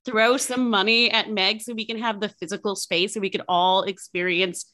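A woman's voice: medium pitch, fairly even intonation, normal speed, sharp tone. A woman hosting a podcast interview, chatting casually and gushing with enthusiasm. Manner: effusive, enthusiastic. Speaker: podcast host.

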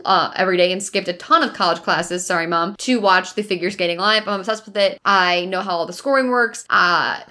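Young woman podcast co-host, rapid and enthusiastic, casual and profane. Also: lowish voice, bright, forceful tone. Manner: fast, enthusiastic, sweary, lots of fillers. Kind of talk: casual chat.

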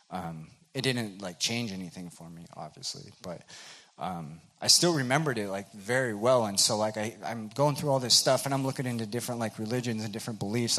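A man's voice: fairly low pitch, a bit bright. A young man telling his faith story casually, rambling and peppering his speech with "like.". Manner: rambling, full of "like" fillers. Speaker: speaker sharing a testimony. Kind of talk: casual spoken testimony.

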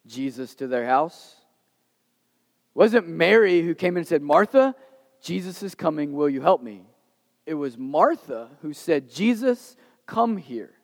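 A man preaching a sermon in a conversational, animated storytelling way. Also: fairly high pitch. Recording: reverberant hall.

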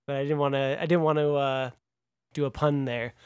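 A man's voice: fairly high pitch, quick pace, darkish tone, clean tone, no echo, clean studio sound. A man hosting a podcast interview in a casual, easygoing, self-deprecating way. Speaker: podcast host.

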